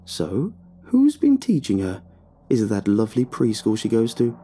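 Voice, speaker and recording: A man's voice: fairly low pitch, huge pitch swings, moderate pace, mellow, slight background noise. A man voicing a refined, curious middle-aged society lady in an airy, genteel manner.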